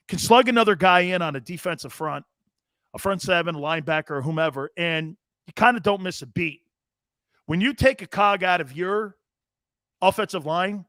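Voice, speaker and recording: A man's voice: sits high, fairly bright tone, dry recording, clean studio sound. A brash man in his fifties hosting a sports talk show, chatting casually and cursing freely as he reacts to comments. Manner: brash, profane, laughing between lines. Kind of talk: casual chat reading live comments.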